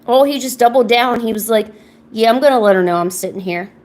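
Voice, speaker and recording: A woman's voice: on the high side, brisk, a little mellow. A woman chatting candidly while she paints at home, rambling a little and swearing casually. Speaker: art streamer.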